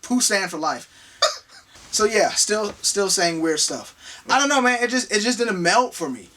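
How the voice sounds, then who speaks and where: A man's voice: high voice, expressive, unhurried, pushed and bright, far from the mic. A man co-hosting a casual movie review chat, rambling and slangy, with a taste for big words. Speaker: co-host of movie review show.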